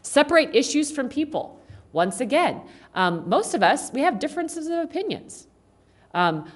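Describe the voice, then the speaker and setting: A woman giving an informal, conversational talk to a church congregation, animated and acting out quoted speech along the way. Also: fairly high pitch. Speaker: guest speaker at a church service.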